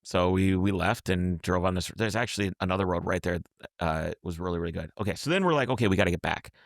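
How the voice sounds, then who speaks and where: A man telling a road trip story in casual podcast chat, animated and acting out the voices of the people he quotes. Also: sits low, fast talker, dry recording, studio quality. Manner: animated, acts out quotes, repeats and restarts words.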